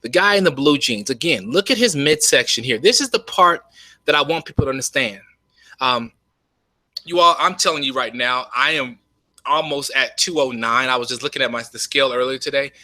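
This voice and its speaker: A man giving an enthusiastic, folksy webinar sales pitch from home, often saying "you all". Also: a little fast, pushed and bright, no room sound. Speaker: network marketing presenter. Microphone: webcam.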